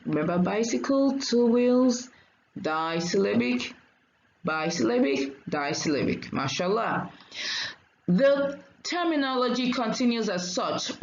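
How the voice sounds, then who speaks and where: A woman teacher giving a diction lesson, saying each word slowly and clearly and repeating it for learners. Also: on the high side, echoey room, highs cut off, a little hiss or hum.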